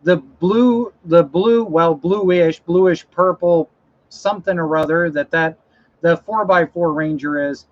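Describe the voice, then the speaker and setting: A man's voice: fairly high pitch, takes it slowly. A man hosting a casual livestream, rambling about trucks and mowers and reading out viewer comments. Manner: rambling, reads viewer comments, self-correcting. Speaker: livestream host. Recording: dull lo-fi stream audio.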